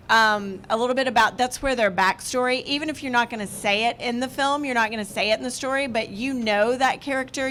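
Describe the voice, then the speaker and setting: A woman filmmaker on a panel giving writing advice in a lively way, acting out quoted lines as she talks. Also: a little high, slight background noise. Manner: lively, acts out quoted speech.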